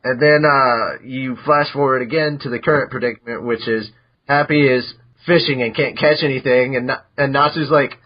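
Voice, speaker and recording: A man hosting a podcast, casually recapping episodes in an animated way, now and then jumping into high squeaky voices for characters. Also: normal speed. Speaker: podcast host. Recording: dull lo-fi podcast audio.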